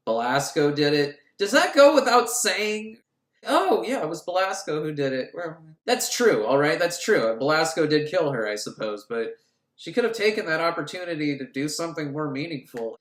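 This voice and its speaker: A man's voice: on the high side, very animated, moderate pace. A man giving a sarcastic, rambling comedic recap of a movie plot. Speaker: host recapping a film. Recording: roomy echo.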